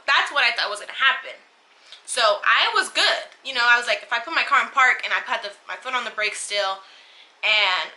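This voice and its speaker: A young woman talks straight to camera in a casual storytime vlog, retelling events in loose, rambling sentences. Her voice is very bright and sits a little high. She keeps circling back with fillers and restarts. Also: low-quality recording. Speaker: vlogger.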